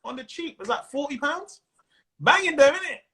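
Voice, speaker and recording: A man in his thirties with a London accent, a comedian chatting casually on a video call, animated and quick to mimic other voices. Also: very high-pitched, noisy background. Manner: animated, slips into mimicked voices and laughs often. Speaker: comedian guest. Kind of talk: casual chat.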